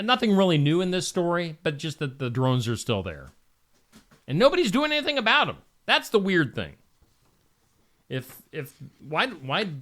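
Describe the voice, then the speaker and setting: Male morning host, crisp and bright tone, reads news with wisecracking asides. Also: on the high side. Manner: wisecracking, conversational commentary between headlines. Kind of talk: reading news stories with jokey asides.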